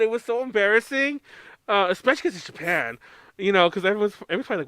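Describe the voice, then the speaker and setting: A man's voice: very high-pitched, lively intonation, fairly quick, bright, forceful tone, clean tone, dry recording. An American man co-hosting a podcast in casual chat, rambling, laughing often and swearing freely. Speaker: podcast co-host.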